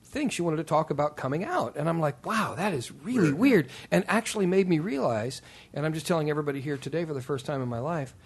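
A man's voice: on the high side, animated, fast. A man hosting a loose, jokey chat with a slightly raised voice. He rambles with plenty of fillers and laughs a lot. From Kansas City. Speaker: podcast host. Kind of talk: casual chat.

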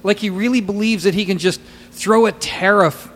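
A man's voice: high-pitched, steady tone, normal speed, a bit bright, long reverb tail. A man co-hosting a podcast, chatting casually in a profane, rambling way with stammering restarts. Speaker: podcast co-host.

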